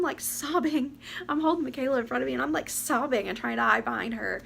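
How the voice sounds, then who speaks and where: A woman, speaking into a camera mic with a very gravelly, fry-filled voice. She rambles emotionally and sounds close to tears. A faint hiss sits under her words. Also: high-pitched, fairly bright tone. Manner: emotional, rambling, talks fast and laughs through tears. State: teary, close to crying. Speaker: vlogger. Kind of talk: casual chat to camera. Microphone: camera or phone mic.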